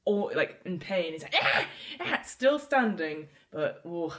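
Animated woman running a tabletop game, lower pitch. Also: a little slow. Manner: animated, laughing often, playful. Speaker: game master.

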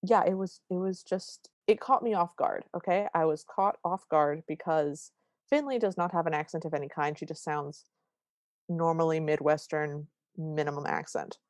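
A woman co-hosting a podcast, recapping a movie in wry, quick, casual chat. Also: low-pitched, dry recording, clean studio sound. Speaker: podcast co-host.

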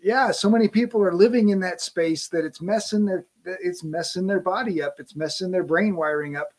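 A man's voice: high-pitched, brisk, darkish tone. A middle-aged man hosting a podcast, talking earnestly in casual conversation and often restarting his phrases. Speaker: podcast host.

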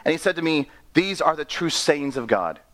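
A young man preaching a sermon, animated and playful, reading scripture and laughing at his own asides. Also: fairly high pitch, normal speed.

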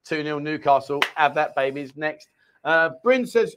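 A man with a notably high-pitched voice hosts a live chat stream, reading viewer comments aloud. He teases his co-host, cracks jokes and laughs easily. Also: a bit bright. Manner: jokey, teasing, quick laughs. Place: Pattaya, Thailand.

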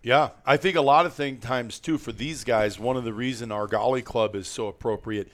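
A man's voice: mid-range voice, moderate pace. Rambling, chuckling male podcast host. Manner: rambling, chuckling, restarts sentences. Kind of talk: casual podcast chat.

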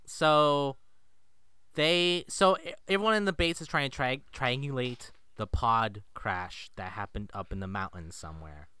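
A man's voice: mid-range voice, measured pace, sharp tone, clear, resonant tone, no room sound. A man co-hosting a casual movie-review chat, summarizing the plot in a laid-back, wry way. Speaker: podcast co-host.

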